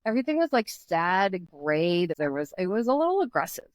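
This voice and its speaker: A woman's voice: fairly low pitch, very animated, a little fast, dry recording. A middle-aged woman hosting a podcast, chatting casually and ranting bluntly with strong opinions. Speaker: podcast host. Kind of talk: casual chat.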